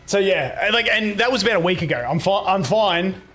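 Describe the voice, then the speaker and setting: A high-pitched young man with lively intonation and a fairly bright tone talks fairly quickly on a live stream, faint music playing behind. Chatting casually with viewers, he tells rambling, swear-filled stories and keeps restarting.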